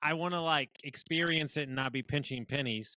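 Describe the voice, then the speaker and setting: A man's voice: a little high, brisk, bright, forceful tone, dry recording, rough recording. Podcast host man, dry sound. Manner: conversational, affirming, with restarts. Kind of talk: casual interview chat.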